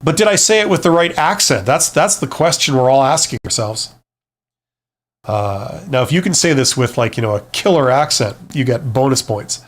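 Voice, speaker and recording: A middle-aged man, a former CEO, hosts a live Q&A, chatting casually with many fillers and restarts, blunt but reassuring, with joking asides. His medium-pitched voice has lively intonation and a moderate pace.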